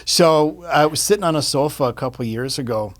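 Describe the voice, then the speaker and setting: A man in his fifties, a podcast guest, telling a personal story in casual interview talk, animated and repeating words as he goes. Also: on the high side, fairly quick. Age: 50s.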